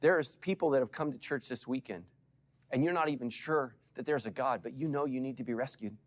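Male pastor, middle-aged, mid-range voice; dynamic live sermon with loud peaks and quiet asides. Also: mid-range voice, fairly quick. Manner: dramatic swings from loud calls to hushed asides; preaching to a live congregation with call-and-response.

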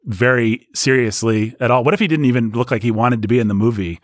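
Animated podcast co-host, man, dry close-miked sound, mid pitch. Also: quick pace, no echo. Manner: animated, jumps into high mock voices for jokes. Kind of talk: casual podcast discussion.

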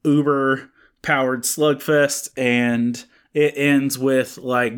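A man with a slightly raspy voice co-hosting a casual podcast, rambling with many fillers and restarts. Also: medium pitch, little pitch movement, extremely slow. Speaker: podcast co-host. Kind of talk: casual comic book chat. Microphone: studio microphone.

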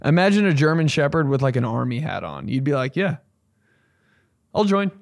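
A man with a gravelly, fry-edged voice riffs and rambles in a loose comedic style. He swears freely and jumps into loud put-on bursts. The sound is dry and close, with no room ring. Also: medium pitch, big pitch swings, fast talker, no room sound. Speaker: comedian host reacting to listener stories.

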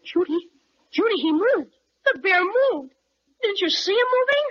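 A woman's voice: extremely high pitch, measured pace, exaggerated voice. A woman playing an eager young boy. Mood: excited. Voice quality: excitable, full of boyish exclamations. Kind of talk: 1930s radio acting. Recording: dull, lo-fi old radio recording.

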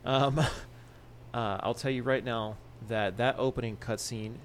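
An excitable man in casual podcast chat, swearing freely and breaking into laughter. His voice sits at an ordinary middle pitch. A faint hum of ambient noise lingers behind him. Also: slow. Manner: excitable, profane, laughs often. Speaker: podcast co-host.

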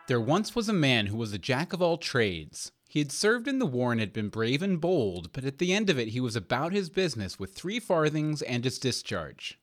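A man narrating an old fairy tale in a measured, expressive reading. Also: mid-range voice, faint music behind. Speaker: reader. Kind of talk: storybook narration.

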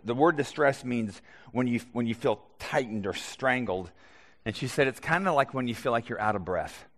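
A man preaching a sermon as pastor in a conversational way that grows animated at times. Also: fairly low pitch. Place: church sanctuary. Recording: long echo of a church hall.

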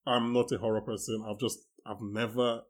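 A man's voice: on the low side, normal speed. A man hosting a podcast, talking casually and jokingly, acting out remembered conversations. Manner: animated, joking, acts out quotes. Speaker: podcast host. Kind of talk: casual chat.

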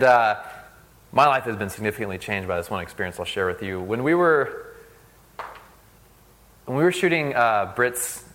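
A young man giving a casual, conversational sermon. He uses lots of "like" and tells stories in an animated way. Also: lowish voice. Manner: conversational, fillers like "like", animated storytelling. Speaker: speaker at a church service.

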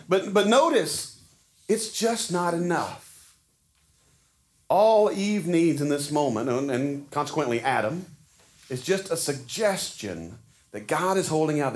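A man, preaching a sermon to his church in a folksy, conversational way with frequent restarts. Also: fairly high pitch. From Arkansas. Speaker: pastor. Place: church sanctuary.

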